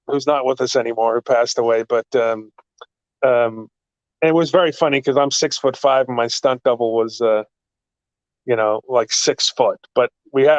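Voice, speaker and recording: A man telling wrestling stories in a casual chat, excitable and rambling, his pitch jumping up in the story. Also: no room sound, dull audio. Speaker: guest, actor and former wrestling manager.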